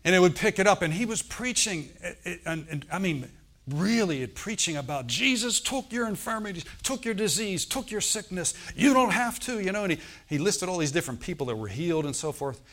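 A man's voice: high-pitched, sing-song, brisk, fairly bright tone. A man preaching a sermon, telling a personal healing story and often asking the congregation "Amen?". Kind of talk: sermon testimony.

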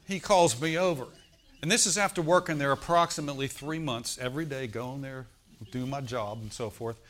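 A man's voice: on the high side, fairly bright tone. A middle-aged male preacher, telling a story and calling out to the congregation in a sermon. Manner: storytelling, asks the congregation for responses.

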